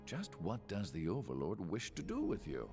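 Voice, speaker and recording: Musing scholar over game music. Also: male voice, low voice, wildly swooping pitch, creaky, a little mellow, slightly rough, heavily acted. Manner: measured, musing. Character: learned, curious male scholar companion. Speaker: game companion.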